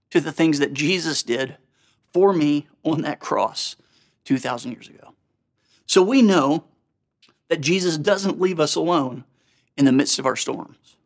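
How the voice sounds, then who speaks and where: A man preaching a sermon, earnest and conversational, with frequent rhetorical questions to his listeners. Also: fairly high pitch. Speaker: pastor.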